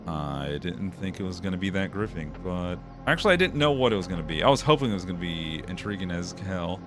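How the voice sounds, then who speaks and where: A man's voice: low-pitched, big pitch swings, fast, music in the background. A male streamer giving casual gameplay commentary, laid-back and chatty, with swearing and laughs.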